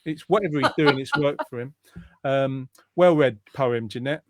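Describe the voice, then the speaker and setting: A man's voice: medium pitch, normal speed, no room sound. Chatty male host, dry sound. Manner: rambling, hesitant, chatty, teasing. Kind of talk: casual online chat show.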